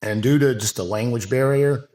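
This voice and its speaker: A man's voice: mid-range voice, moderate pace, darkish tone. A man, a bodybuilding coach, talking earnestly in a casual podcast conversation, with long loose run-on sentences and many fillers.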